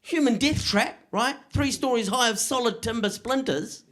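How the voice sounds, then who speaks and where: A middle-aged man performing a stand-up comedy set, delivering deadpan punchlines and checking in with the crowd. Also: very high-pitched, normal speed.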